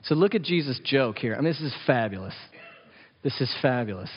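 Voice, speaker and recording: A man's voice: medium pitch, lively intonation, fairly quick, slightly rough. A man preaching in a church hall, his voice carrying with a long echo. The sound is dull and lo-fi. He presses his points with rhetorical questions and slips in jokey asides. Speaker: pastor. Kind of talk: sermon.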